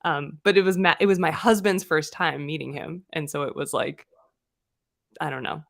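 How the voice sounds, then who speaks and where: A woman in her thirties co-hosting a podcast, telling stories in an animated way and laughing often. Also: deep voice, normal speed, creaky, dry recording, studio quality. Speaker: podcast co-host. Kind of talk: casual podcast chat.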